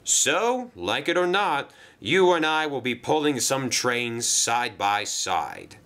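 A man's voice: mid-range voice, very animated, slow pace, fairly bright tone, heavily acted. A man voicing a proud, dignified express engine with a lilting voice. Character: famous proud male express engine, grand.

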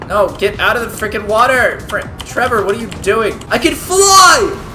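A man giving excited gameplay commentary, yelping, shouting and making little sound effects as he plays. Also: high voice, brisk. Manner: hyper, yelps and shouts, makes "bop" sound effects. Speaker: gaming video creator. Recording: game music playing underneath. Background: game music.

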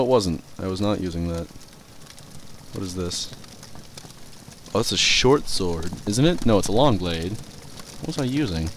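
A young man casually commentating his own gameplay, rambling, swearing and reacting loudly to what happens in the game. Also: low voice, slight background noise. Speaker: let's play host.

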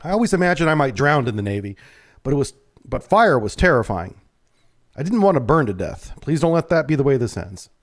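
A man, a navy submarine veteran, telling a first-person true story in a calm, measured way. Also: medium pitch.

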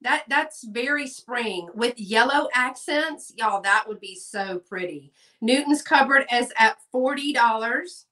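A woman's voice: on the high side, a little slow, pushed and bright, recorded from a distance. A chatty woman hosting a live sale stream, reading out bids and saying y'all. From Texas. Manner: chatty, says y'all, reads bids aloud. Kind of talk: live selling stream, casual chat.

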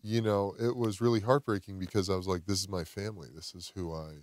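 A man, a podcast guest, telling a personal story outdoors in casual chat, animated and swearing freely. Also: low-pitched, quick pace, no room sound. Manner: animated, swears a lot, acts out quotes. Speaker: podcast guest, former football player.

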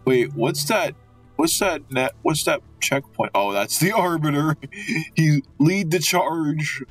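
A young man giving goofy, excitable commentary while playing a video game, joking and trash-talking the enemies. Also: a little high, takes it slowly, faint music behind. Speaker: gamer. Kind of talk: let's play commentary.

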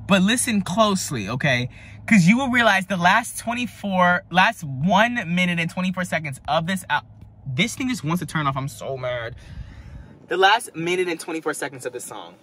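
A man giving a casual music review, excitable and dramatic, gushing with slang as a devoted fan. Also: a little high, a little hiss or hum. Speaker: music reaction vlogger.

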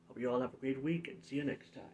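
A man's voice: medium pitch, fast talker, darkish tone, a little hiss or hum. A young man hosting a gaming playthrough, casually signing off and flubbing playful intro retakes. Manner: playful, laughs at his own flubbed intro takes. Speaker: gaming channel host. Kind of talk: casual let's-play outro and blooper takes.

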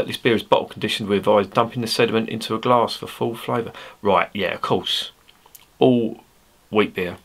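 A man's voice: fairly low pitch, creaky, fairly bright tone, slightly rough. A man reviewing a beer in a casual, rambling way, swearing freely and poking fun at himself. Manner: blunt, swears freely, chatty and self-mocking. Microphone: his original microphone, not a clip-on.

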